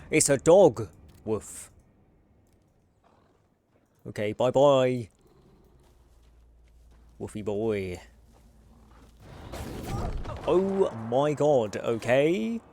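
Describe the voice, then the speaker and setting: A man from the United States streams a game, keeping up chatty, rambling commentary and swearing freely. His voice is medium-pitched and a little mellow.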